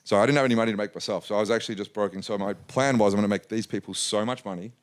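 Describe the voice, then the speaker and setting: A man in his forties from Australia, a business guest telling lively anecdotes in a casual interview and acting out quoted lines. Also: on the low side, rapid-fire. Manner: animated anecdotal, acts out quotes.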